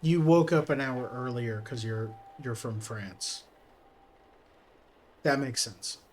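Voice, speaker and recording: A man's voice: mid-range voice, takes it slowly, a little hiss or hum. A man streaming a game, reading its text aloud and adding casual joking asides.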